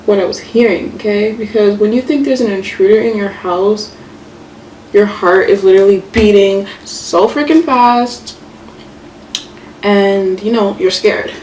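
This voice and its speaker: A young woman vlogger telling a story casually while doing her makeup, chatty and animated, full of fillers and swearing. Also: medium pitch. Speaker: beauty vlogger. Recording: echoey room, mic far off, faint hiss.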